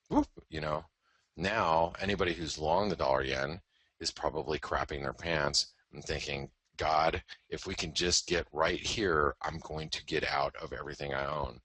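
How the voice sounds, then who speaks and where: A man's voice: very deep voice, a bit bright, husky, dry recording. A man hosting a live trading show, giving candid, joking market commentary full of "you know" asides. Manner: candid, joking, self-deprecating, many "you know" fillers. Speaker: host and trading educator.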